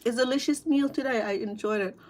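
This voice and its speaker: A middle-aged woman with a Cambodian accent, chatting casually with livestream viewers over dinner at home, halting, full of fillers and restarts. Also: on the high side, a little mellow. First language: Khmer. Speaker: cooking vlogger and interpreter. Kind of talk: casual livestream chat while eating.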